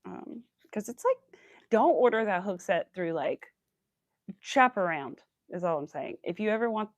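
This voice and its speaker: A woman's voice: medium pitch, lively intonation, measured pace, no room sound. A young woman with a Southern US accent chatting casually while she crochets on a livestream, rambling and laughing often.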